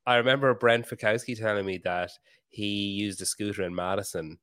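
A man's voice: on the low side, steady tone, fairly quick, fairly bright tone. A man hosting a podcast, talking in a laid-back way and swearing casually. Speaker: podcast host. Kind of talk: casual chat.

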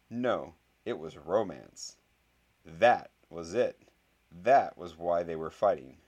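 Male audiobook narrator, low pitch, steady dramatic delivery. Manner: measured, dramatic storytelling. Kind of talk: scripted story narration.

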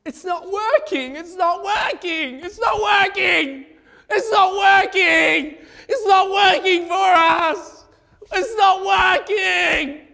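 A man voicing a desperate male idol worshipper who pleads and cries out, his voice rising high and strained. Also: lively intonation, a little slow, heavily acted. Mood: anguished shouting. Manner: pleading, breaking into anguished shouts. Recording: echoey hall.

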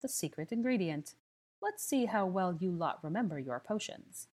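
A woman's voice: fairly low pitch, animated, normal speed, darkish tone. A woman reading aloud and voicing a flamboyant young man who mixes cocktails, playful and theatrical. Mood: playful showman.

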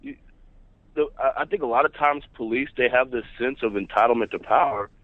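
A male caller phoning into a talk show, chatting casually in a relaxed, rambling way with lots of fillers. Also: medium pitch, fairly quick, no echo. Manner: relaxed, rambling, with many fillers like bro and man. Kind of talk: casual chat. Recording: dull lo-fi phone line.

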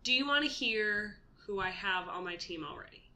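Very bright-voiced woman, dry and teasing. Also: mid-range voice, animated, moderate pace. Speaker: podcast co-host. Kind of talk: casual podcast chat. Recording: roomy echo.

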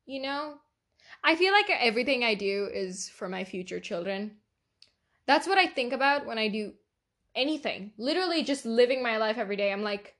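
A woman's voice: a little high, animated, moderate pace, a bit bright. A teenage girl hosting a casual solo podcast, chatty, swearing a lot and laughing often. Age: teens. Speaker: podcast host.

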